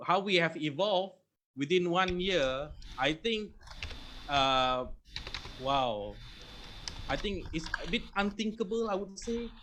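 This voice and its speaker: A man's voice: sits high, lively intonation, slow pace, long pauses, bright, forceful tone, slight background noise. A man with a Malaysian accent speaking humbly and proudly as a trainer in a casual online meeting, mixing Malay into his English.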